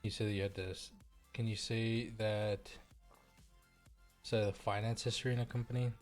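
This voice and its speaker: A man's voice: on the low side, little pitch movement, normal speed, faint music behind. A young man streaming live and chatting casually through a cheap desk mic, rambling, repeating himself and laughing often.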